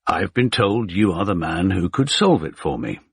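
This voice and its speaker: A man voicing an arrogant, wealthy Englishman with an English accent, pushy and quick to plead. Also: low-pitched, very animated, breathy edge, no room sound, clean studio sound, exaggerated voice. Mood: assured. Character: arrogant, rich Englishman, growing flustered.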